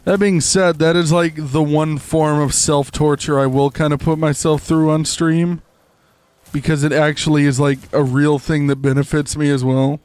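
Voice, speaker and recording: A man's voice: on the high side, flat delivery, normal speed, a little mellow, clean tone, no echo. A young man chatting casually to his viewers while live-streaming a game, rambling with lots of fillers. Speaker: livestreamer. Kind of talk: casual chat while gaming.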